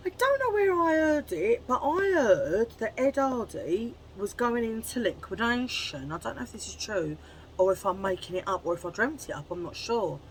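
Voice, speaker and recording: A woman chatting casually to camera at home in a chummy way, full of quick asides. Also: a little high, a little hiss or hum, rough recording. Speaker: haul vlogger.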